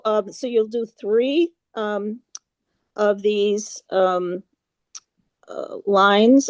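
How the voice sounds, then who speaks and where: Slow, soft-spoken woman leading a meditation. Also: mid-range voice, no echo. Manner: patient, halting, with many fillers and restarts; chants mantras in a steady monotone. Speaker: yoga class leader. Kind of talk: guiding a group meditation on a video call. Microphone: video call.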